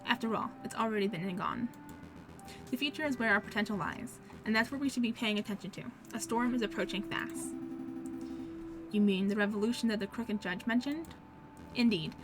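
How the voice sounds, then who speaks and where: A woman's voice: mid-range voice, brisk, natural voice. A suave male fox private investigator from a story game, read aloud by a woman. He speaks in a polished, assured way. Game music plays steadily underneath.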